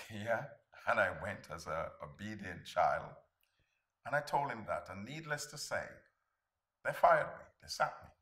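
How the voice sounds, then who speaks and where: A man shares memories in an interview in a plain-spoken, wry way. His voice is fairly low with a bright tone. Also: expressive, measured pace. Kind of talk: interview recollection.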